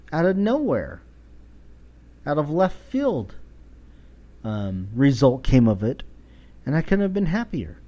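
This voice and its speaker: A man around forty talks into a podcast mic in a slow, drawn-out way, with a dark, mellow tone. He rants bluntly and swears freely. The recording sounds dull and a little lo-fi. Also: mid-range voice. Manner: blunt, profane ranting. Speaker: podcast host. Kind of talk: casual monologue.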